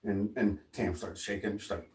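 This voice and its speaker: A middle-aged man hosting a casual podcast, telling a story with lively energy and putting on the voices of the people in it. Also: lowish voice, normal speed. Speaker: podcast host. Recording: roomy sound, mic at a distance.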